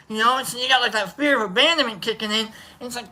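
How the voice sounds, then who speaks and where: A man's voice: very high-pitched, rapid-fire, few pauses, pushed and bright. A man hosting a livestream, rambling and joking through a casual sign-off, swearing now and then. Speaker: livestream host.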